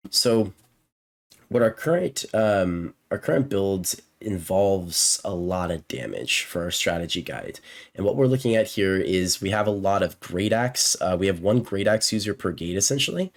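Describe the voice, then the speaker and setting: Low-voiced man giving a rambling game guide. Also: sing-song, a little slow. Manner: rambling, many fillers and self-corrections. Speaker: game guide creator and shot caller. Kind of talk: casual gameplay strategy walkthrough.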